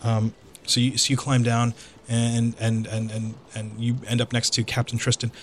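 A man's voice: mid-range voice, completely flat delivery, slight background noise. A man narrating as game master of a tabletop game, often restarting and filling with ums. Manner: halting, restarts with fillers.

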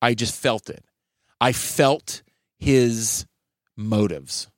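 A man who is a comedian and podcast co-host tells a story in casual chat, swearing freely and acting out the people in it. He speaks extremely slowly in a mid-range voice, getting loud when he quotes hecklers and himself, on a dry, clean studio recording.

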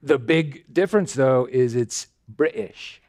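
A man hosting a comedy podcast, telling stories in a rambling, deadpan joking way. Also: mid-range voice, a little slow. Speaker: podcast host. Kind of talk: casual comedic chat.

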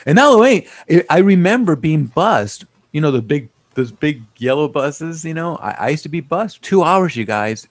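A man's voice: fairly high pitch, very animated, normal speed, few pauses, no room sound. A man in his forties from Los Angeles, co-hosting a casual chat, laid-back and dropping Spanish words and slang. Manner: laid-back, drops Spanish words, calls people dude and bro. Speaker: co-host.

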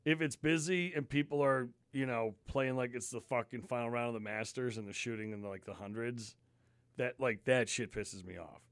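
A young man co-hosting a podcast, telling stories in a casual, animated way with plenty of swearing. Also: medium pitch, normal speed, clear, resonant tone, no room sound. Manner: profane, animated storyteller. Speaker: podcast co-host. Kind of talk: casual chat.

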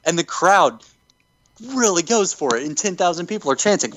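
A man hosting a podcast, telling a story with animated enthusiasm in casual chat. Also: sits high, normal speed, poor audio. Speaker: podcast host.

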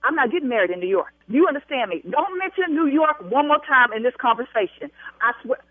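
A woman's voice: high-pitched, lively intonation, quick pace. A woman on a phone call as a bride, talking emphatically and insistently, repeating her demands. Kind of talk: phone argument. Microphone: telephone. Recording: tinny dry phone line.

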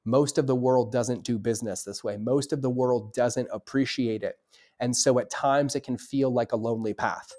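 A man's voice: mid-range voice, fairly even intonation, moderate pace, dark tone. A man hosting a solo podcast from his home studio, talking casually in an upbeat, motivational way. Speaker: podcast host.

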